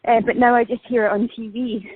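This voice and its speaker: A Scottish woman with a high, breathy voice chats and laughs through a casual interview, self-deprecating and warm in her delivery. The sound is thin and tinny, squeezed through a phone line, and close and dry. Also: little pitch movement, fairly quick, no echo. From Scotland. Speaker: actress being interviewed. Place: walking outdoors on a street.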